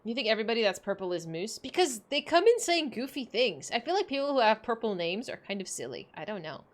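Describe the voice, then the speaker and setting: A woman streaming a game, chatting casually in a giggly, animated way. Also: on the high side, quick pace.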